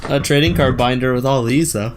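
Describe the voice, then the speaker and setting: A man's voice: medium pitch, a little fast, a little hiss or hum. A man co-hosting a podcast in a casual chat, making joking, wry asides. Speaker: podcast co-host.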